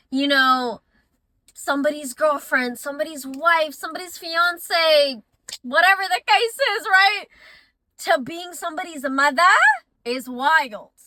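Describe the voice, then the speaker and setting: A young woman with a high, bright voice talks straight to her camera in a candid confessional vlog. She is chatty and openly emotional, close to tears one moment and laughing the next. The recording is close and dry, with no room sound. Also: no room sound. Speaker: mom vlogger.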